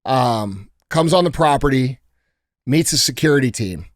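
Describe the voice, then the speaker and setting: A man's voice: mid-range voice, animated, moderate pace. A man hosting a podcast, telling a story in a blunt, profane, casual way. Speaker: podcast host. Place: podcast studio.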